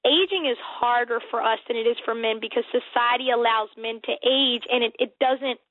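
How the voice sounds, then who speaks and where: A woman's voice: a little high, moderate pace, dry recording, phone-quality sound. An American woman in her forties, a guest author talking earnestly and emphatically in a faith-based interview, often repeating words as she thinks. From United States.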